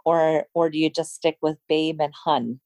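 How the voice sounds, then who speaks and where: A woman hosting a casual chat, her voice pitched slightly low. She is playful and candid and giggles often mid-sentence. The recording is dry and close. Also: steady tone, moderate pace, a little mellow, no room sound.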